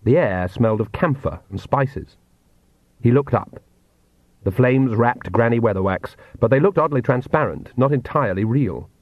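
A man's voice: mid-range voice, lively intonation, moderate pace, dry recording, lo-fi sound. Dry-voiced male audiobook narrator. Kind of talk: scripted narration.

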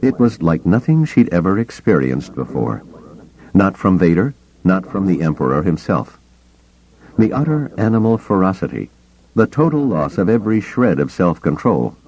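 A man narrating an action-filled audiobook in a dramatic, expressive reading. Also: low-pitched, moderate pace, husky, lo-fi sound.

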